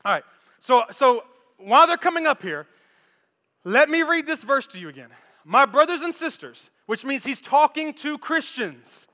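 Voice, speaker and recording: A man preaching a lively, conversational sermon in a church, joking with the congregation and demonstrating on stage. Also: extremely high pitch, moderate pace, big-room sound. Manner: animated, conversational, repeats words, jokes with congregation. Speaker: pastor.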